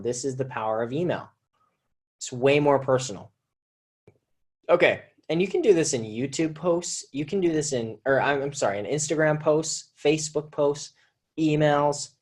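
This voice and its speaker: A man teaching a live online copywriting lesson, talking in a conversational, energetic way, restarting phrases and repeating himself as he explains. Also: on the high side. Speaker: marketing teacher.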